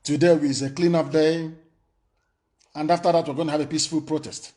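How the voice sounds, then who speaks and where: A man's voice: fairly high pitch, fairly even intonation, fairly quick, dark tone. A man giving an impassioned, defiant political broadcast full of warnings and threats.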